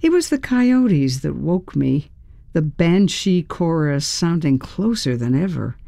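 An audiobook narrator reading a first-person story in an unhurried storytelling manner, acting out the dialogue lines. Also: medium pitch, sing-song, gravelly, dark tone, no echo.

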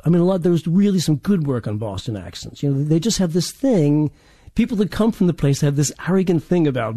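A man who coaches dialects talks in a mellow, warm voice with a trace of an Irish accent. He stumbles and restarts often as he explains. The recording is dry and close. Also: on the high side, animated, dry recording. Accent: partly Irish. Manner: halting, many restarts, slips into demo accents. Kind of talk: explanatory interview talk.

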